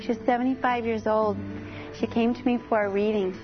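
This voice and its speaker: A woman recounting a client's story in a lively way, with many "she said" tags. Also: on the high side, fairly quick, lo-fi sound, over music. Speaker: intuitive reader telling a client story. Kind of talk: anecdotal storytelling.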